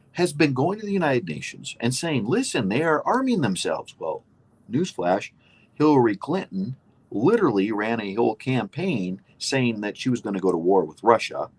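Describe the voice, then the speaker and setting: Husky, emphatic man ranting casually. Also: mid-range voice, a little mellow. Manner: emphatic, opinionated, rambling with restarts. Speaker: co-host. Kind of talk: casual political chat.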